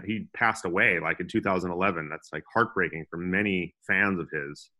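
A man's voice: low-pitched, fairly quick, pushed and bright, slight background noise. A young man co-hosting a comedy podcast, joking around and slipping into silly voices. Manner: goofy, puts on silly voices. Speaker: podcast co-host.

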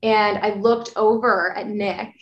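A woman's voice: medium pitch, steady tone, takes it slowly, highs cut off. A young woman in her twenties, a podcast co-host, chatting casually over a video call in a rambling, apologetic way, full of fillers. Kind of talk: casual chat. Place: apartment bedroom, from the US. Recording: echoey room.

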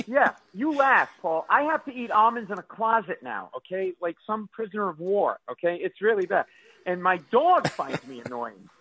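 A man with a slightly high voice tells comic stories on a radio show. He rattles off exaggerated complaints and mocks himself with lively timing. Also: normal speed, breathy edge, poor audio. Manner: animated, self-mocking, exaggerated complaints. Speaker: comedian guest.

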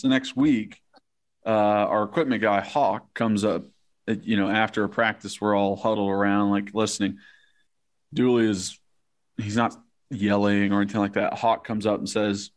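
Profane, animated man telling stories. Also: on the low side. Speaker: former college football player. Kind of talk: casual storytelling chat.

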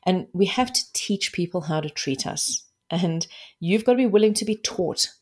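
South african lady coach, straight talking, lowish voice, chatty podcast. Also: expressive, normal speed, a little mellow, slightly rough. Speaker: life and relationships coach. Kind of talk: casual podcast interview.

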